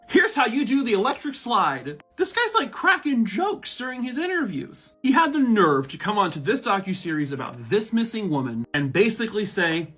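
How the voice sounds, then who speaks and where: A man's voice: high-pitched, big pitch swings, moderate pace, few pauses, fairly bright tone, slightly rough, faint music behind. Blunt, sarcastic man ranting. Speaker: true crime content creator. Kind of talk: casual vlog commentary.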